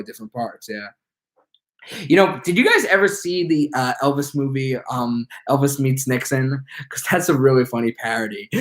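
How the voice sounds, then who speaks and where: A man hosting his own live stream, chatting casually and rambling, with many fillers and restarts. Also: medium pitch. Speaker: channel host.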